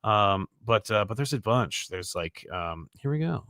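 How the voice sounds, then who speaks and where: A man's voice: lowish voice, animated, unhurried, pushed and bright, no room sound, studio quality. Easygoing man co-hosting a chat. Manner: easygoing, agreeable, reads viewer questions aloud. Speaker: co-host. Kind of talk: casual chat.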